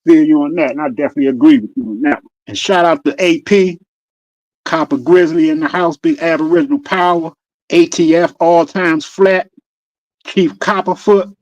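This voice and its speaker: A man's voice: a little high, moderate pace, no echo, muffled recording. A man hosting a live stream in casual chat, laid-back as he agrees and greets listeners. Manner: laid-back, gives shout-outs. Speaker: stream host.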